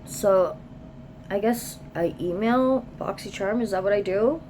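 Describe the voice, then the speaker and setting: A woman's voice: mid-range voice, measured pace, a little mellow, a little hiss or hum. A woman chatting casually as she unboxes products, reading product descriptions aloud and sometimes dropping to a whisper. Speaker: beauty vlogger.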